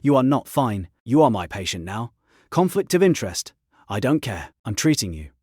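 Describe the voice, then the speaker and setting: A man voicing a small, blunt young woman doctor in a brisk, commanding way in a read-aloud story. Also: mid-range voice, very animated, darkish tone, slightly rough, no room sound, studio quality. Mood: bossy.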